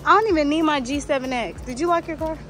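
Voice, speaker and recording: Chatty high-voiced woman vlogging outdoors. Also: fast, a little hiss or hum. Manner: chatty, animated, excitable. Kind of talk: casual vlog chat. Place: outdoor wildlife park. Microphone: handheld camera. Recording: music playing behind.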